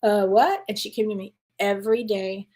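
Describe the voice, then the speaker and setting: A woman's voice: medium pitch, fairly even intonation, moderate pace, a little mellow. A middle-aged woman hosting a live psychic Q&A, talking in a chatty, reassuring way with fillers, restarts and frequent laughs. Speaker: psychic host answering viewer questions. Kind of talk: live-stream Q&A chat.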